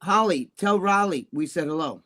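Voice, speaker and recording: A man in his sixties rants on a talk show, swearing constantly and jumping from point to point. His voice sits notably high, and the sound is dry and close with no room echo. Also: normal speed, sharp tone. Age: 60s. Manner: profane, combative, rambling. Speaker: co-host. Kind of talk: heated political rant on a talk show.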